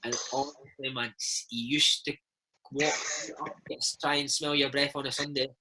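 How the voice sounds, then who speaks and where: A Scottish man in his thirties, a former footballer telling stories in a casual interview, animated and peppering his talk with "mate". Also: medium pitch, moderate pace, a little hiss or hum, rough recording. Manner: animated, chatty, keeps saying mate. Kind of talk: casual storytelling chat.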